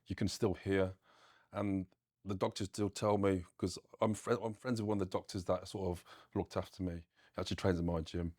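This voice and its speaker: A man with a deep, low voice recounts a personal ordeal in a candid interview. He speaks earnestly and plainly, with many ums and restarts. The sound is dry and close. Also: little pitch movement, moderate pace, darkish tone, no room sound. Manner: earnest, plain-spoken, frequent fillers. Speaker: guest, gym owner.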